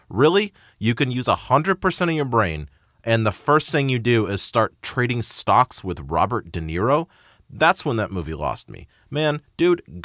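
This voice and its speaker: A man's voice: fairly low pitch, a bit bright, no room sound, studio quality. A man in his thirties hosting a podcast, rambling and joking in a loose, ranting way. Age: 30s. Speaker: podcast host. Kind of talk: casual podcast monologue.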